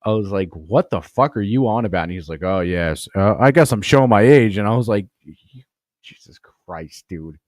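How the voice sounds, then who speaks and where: A man's voice: lowish voice, brisk, hardly any pauses, dry recording, studio quality. A man with a Long Island accent, hosting a podcast and telling crude, rambling stories full of swearing. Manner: profane, rambling, swears a lot. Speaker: podcast host. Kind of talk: crude comedic storytelling.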